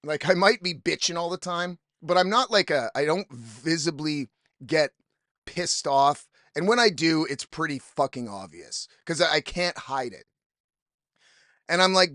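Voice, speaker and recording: A man's voice: on the high side, animated, measured pace, sharp tone, no echo, studio quality. A man hosting a podcast, telling a story in an exasperated, profane, rambling way, often quoting people he met. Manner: profane, exasperated ranting with quoted asides. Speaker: podcast host. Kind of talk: casual storytelling monologue.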